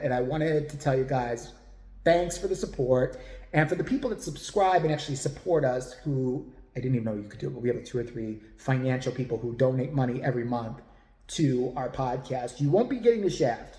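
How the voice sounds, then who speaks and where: A man's voice: mid-range voice, brisk, warm tone, roomy sound, long reverb tail. A man hosting a podcast, talking casually to viewers in a blunt, rambling, profane way. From United States. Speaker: podcast host.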